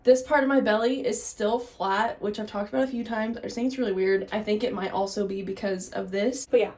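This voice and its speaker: A young adult woman with a medium-pitched, a little mellow voice speaks a little fast in a steady tone, with slight background noise. She is a vlogger filming a casual pregnancy update indoors at home, chatting candidly to a tripod camera, laughing through complaints and a little short of breath.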